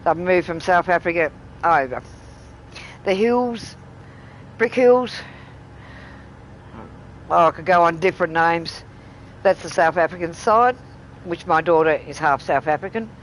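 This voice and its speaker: A woman's voice: on the low side, slight background noise, poor audio. A middle-aged woman with a broad Australian accent chats loosely with her live-stream viewers. She rambles from story to story and keeps breaking into laughter. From Tasmania, Australia. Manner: chatty, rambling, laughs often. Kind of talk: casual live-stream chat.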